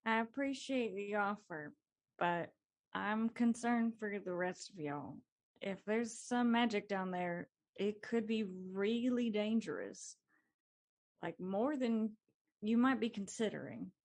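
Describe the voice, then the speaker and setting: A woman's voice: medium pitch, lively intonation, takes it slowly. A woman playing a tabletop role-playing game, earnest and protective of the group. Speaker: player.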